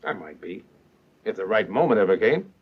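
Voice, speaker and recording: Cynical wry gentleman rogue, confident and teasing; muffled 1930s film sound. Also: on the low side, sing-song, normal speed. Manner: teasing, smooth and self-assured.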